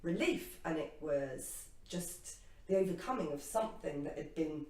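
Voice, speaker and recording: Lowish woman's voice, chatty storyteller, acts out her reactions, kinda far off in an echoey room. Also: moderate pace. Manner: animated, acts out her own past reactions with laughter. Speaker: co-host. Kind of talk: casual storytelling chat. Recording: echoey room, distant mic.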